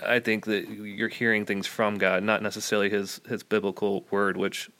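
A man's voice: lowish voice, level tone, moderate pace, pushed and bright, slight background noise. A man in casual faith podcast chat, explaining his thoughts earnestly.

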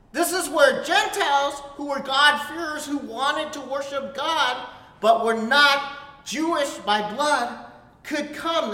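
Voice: sits high, sharp tone. Pastor preaching in an echoey hall. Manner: conversational, frequent "right?" asides. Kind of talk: sermon.

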